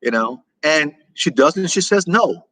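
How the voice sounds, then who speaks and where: A man's voice: on the high side, lively intonation, measured pace, fairly bright tone, low-quality recording. A middle-aged man from the United States hosting a casual live chat, rambling, repeating himself and answering viewer comments as they come in. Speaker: livestream host answering chat.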